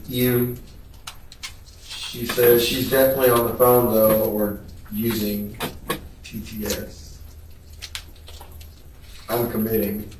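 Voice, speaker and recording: A man testifying in court, reading text messages aloud in a measured, flat way. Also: on the low side, background noise. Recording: echoey room, voice picked up from a distance.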